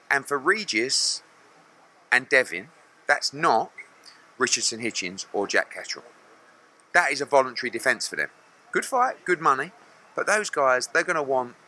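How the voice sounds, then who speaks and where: A man's voice: medium pitch, bright, forceful tone. A middle-aged man, a boxing promoter answering press questions bluntly and acting out other people's lines.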